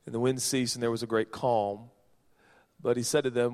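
A man from Seattle preaching a sermon as a pastor, reading scripture with folksy joking asides and swinging from soft to loud. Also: medium pitch, flat delivery, normal speed, clean tone. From Seattle, Washington, USA. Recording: long reverb of a large hall.

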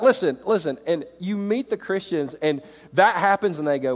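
A middle-aged man preaching to church leaders, animated, swinging between loud exclamations and quiet reflective stretches. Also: a little high, a little fast. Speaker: pastor. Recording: reverberant hall.

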